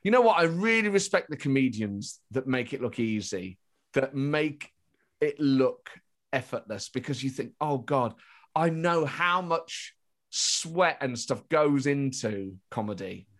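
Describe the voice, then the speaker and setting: A man's voice: medium pitch, expressive, measured pace, fairly bright tone. A British man, a comedian, talking animatedly as a podcast guest, often restarting his thoughts mid-sentence. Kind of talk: casual interview chat.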